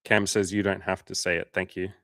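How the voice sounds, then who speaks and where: A dating coach with a low voice hosts a casual livestream, reading viewer comments aloud and giving blunt, frank advice full of swearing. He talks fairly quickly in a flat, sharp-toned delivery with vocal fry, and the sound is dry and close with no room echo.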